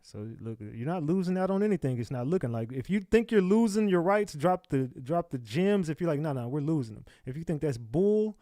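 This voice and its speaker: A man's voice: a little high, sing-song, a little fast, few pauses, dark tone, no room sound, clean studio sound. A man hosting a livestream, talking casually to his viewers and asking them to like and subscribe. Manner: talks straight to viewers, asks for likes. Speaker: livestream host. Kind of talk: casual commentary to live chat.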